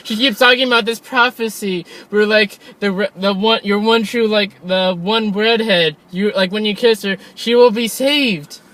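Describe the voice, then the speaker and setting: A young man co-hosting a casual film review podcast rambles along, constantly filling with "like" and restarting often. His voice sits high and a bit bright, at a moderate pace with hardly any pauses.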